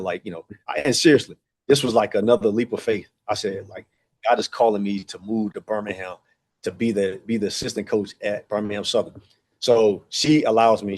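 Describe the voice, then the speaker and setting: A track and field director in his forties guests on a podcast, his fairly low voice a little mellow. He recounts a long personal story in a loose, rambling style, heavy on fillers and acted-out dialogue.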